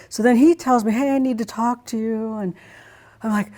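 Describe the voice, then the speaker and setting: A middle-aged woman, a guest in an interview, telling a personal story in an animated, expressive way, acting out her own reactions. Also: fairly high pitch, a little fast.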